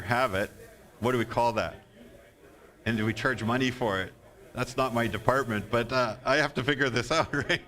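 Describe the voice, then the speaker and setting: A man, a software developer, answering audience questions at a live convention talk, halting and repeating himself with many fillers. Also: mid-range voice. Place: convention hall.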